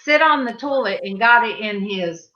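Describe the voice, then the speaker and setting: A woman's voice: fairly high pitch, animated, normal speed, bright, forceful tone, muffled recording, slight background noise. A middle-aged woman hosting a casual panel stream, telling a funny family story with lots of laughter in her voice. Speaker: host.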